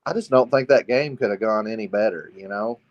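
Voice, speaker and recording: A man, calling into a show from a small bathroom at night, speaking quietly and easygoing. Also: lowish voice, brisk, no echo. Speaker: caller. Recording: dull, lo-fi call audio.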